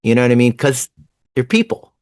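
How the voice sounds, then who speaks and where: A man in his sixties from New Jersey, telling stories fast and animatedly as a guest in a casual interview. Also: medium pitch, no room sound. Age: 60s. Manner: fast-talking, animated storyteller. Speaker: guest writer.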